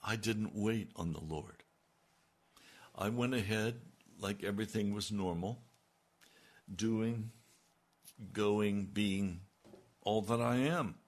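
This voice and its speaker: An older man preaching a sermon, slow and emphatic, with a gravelly voice. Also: on the low side. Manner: slow and emphatic, rising in intensity when quoting God.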